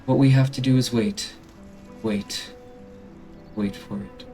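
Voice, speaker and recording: A man's voice: medium pitch, steady tone, slow pace, warm tone, faint music behind, lightly acted. A man voicing a theatrical male showman in amateur game-dialogue voice acting, grandiose, mocking and crude. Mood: taunting. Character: theatrical male showman announcing a bloody spectacle.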